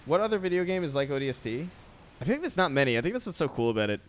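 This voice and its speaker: A man's voice: fairly high pitch, big pitch swings, racing. A man hanging out on a friend's livestream, chatting casually with sarcastic jokes and offhand swearing. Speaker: friend on the stream. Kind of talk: casual chat.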